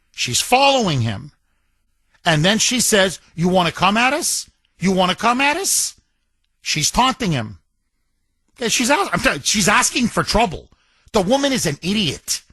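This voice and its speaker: A man's voice: sits high, pushed and bright, husky, no room sound. A man hosting a talk radio show, describing events in an emphatic, indignant way and repeating words for stress.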